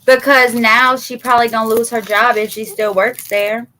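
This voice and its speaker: A woman in casual conversation about a news case, unhurried and conversational. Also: on the high side, steady tone, bright, forceful tone, slight background noise, rough recording. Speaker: co-host.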